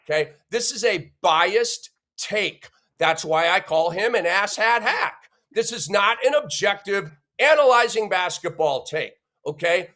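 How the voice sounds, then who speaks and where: A man's voice: high voice, a bit bright. A man hosting a sports podcast, giving an emphatic, opinionated rant and punctuating his points with a questioning "okay?". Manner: blunt and insulting toward critics.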